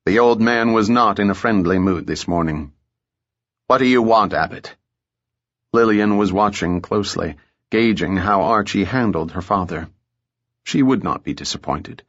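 A man reads an audiobook in a measured, steady storytelling voice that sits on the low side. The recording is dull and lo-fi. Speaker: audiobook narrator. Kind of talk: scripted narration.

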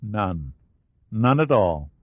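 A man's voice: lowish voice, big pitch swings, very slow, no room sound, heavily acted. A man reading as a smug, sneering hired killer. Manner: contemptuous and sneering. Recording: dry, phone-like narrow sound.

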